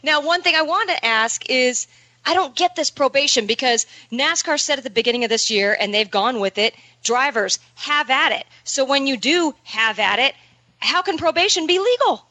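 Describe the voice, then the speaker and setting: A woman co-hosting a radio show, joking and asking questions in lively banter. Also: high voice, normal speed, no room sound.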